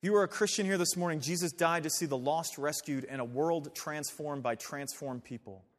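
Male pastor, high voice, emphatic sermon delivery, live church reverb. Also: brisk. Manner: emphatic preaching, conversational asides. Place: church sanctuary.

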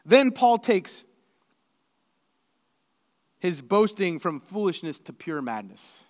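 A male pastor preaching a sermon, animated and building to emphatic, shouted lists. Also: sits high, slow pace, long reverb tail.

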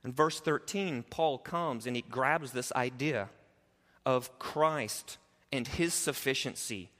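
A man preaching a sermon as a pastor, building emphasis and dropping into quick, casual asides. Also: mid-range voice, fairly bright tone. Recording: long reverb of a large hall.

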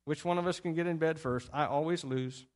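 Animated middle-aged male pastor preaching. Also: fairly high pitch, fairly quick. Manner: animated storytelling with playful acted quotes. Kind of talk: sermon.

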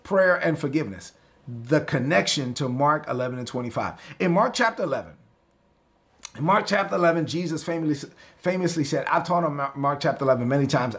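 Lively Brooklyn preacher man. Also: fairly high pitch. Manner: casual, storytelling with lively acted-out voices. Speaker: pastor. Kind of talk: sermon.

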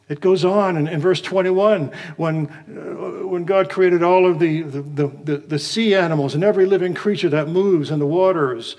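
A man preaching a morning sermon in a measured way, slowing down when he reads scripture aloud. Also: sits high, a little mellow. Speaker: pastor.

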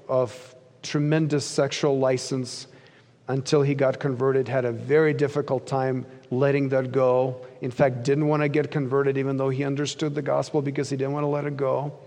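A man preaching a sermon as pastor, earnest, rising for emphasis and sinking low at the ends of phrases. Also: darkish tone. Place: church sanctuary. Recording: long reverb of a large church hall.

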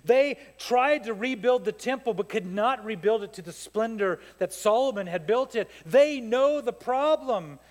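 A man preaching a sermon as pastor, telling stories in an animated way that builds to fired-up peaks. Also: extremely high pitch, unhurried, hardly any pauses. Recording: long hall reverb.

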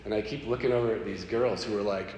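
A man sharing a personal faith story in an animated, conversational way. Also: on the low side, fast. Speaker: speaker sharing a personal testimony. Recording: echoey hall with faint background noise.

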